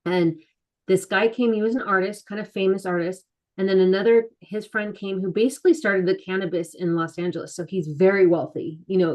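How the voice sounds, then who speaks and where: A middle-aged woman, a guest author, telling her personal story candidly in an interview, soft-spoken and halting, often acting out what others said. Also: lowish voice. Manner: soft-spoken, halting, many restarts and quoted asides. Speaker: guest, author and mental health advocate.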